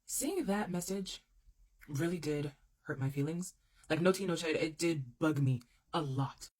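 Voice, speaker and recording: Expressive young woman telling a story. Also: low voice, a little slow. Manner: expressive, repeats phrases for emphasis. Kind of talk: casual storytime monologue.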